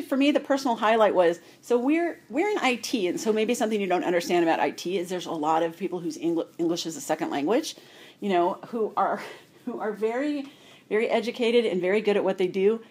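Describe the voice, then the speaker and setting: A woman's voice: mid-range voice, fast talker, a little mellow, breathy edge. Chatty woman telling a story. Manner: chatty, laughing, trailing asides. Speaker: guest storyteller. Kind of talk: casual anecdote.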